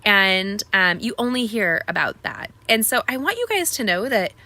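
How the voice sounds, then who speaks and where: Chatty lady in her 40s hosting a live craft stream, bright voice, talks right to the camera. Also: medium pitch, very animated, normal speed. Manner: chatty, bubbly, talks straight to viewers. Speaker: crafting channel host.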